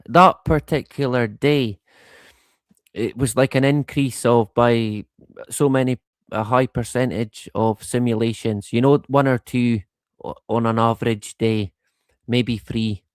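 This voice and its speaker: Man, livestream host, casual rambling monologue, frequent laughs, mid pitch, dry close sound. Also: no echo. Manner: rambling and conversational, laughs often, swears.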